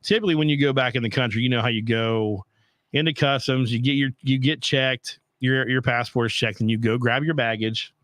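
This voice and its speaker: A young man, the host, telling a travel story in an animated, profane rant. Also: mid-range voice, brisk, dry recording. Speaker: podcast host. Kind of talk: casual storytelling.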